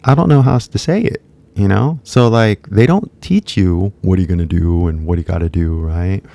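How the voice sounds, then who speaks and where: A man with an American English accent and Kansai Japanese, teaching in a casual live-stream lesson, switching between English and Japanese and talking in a relaxed, mumbled way. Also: sits low, normal speed, gravelly.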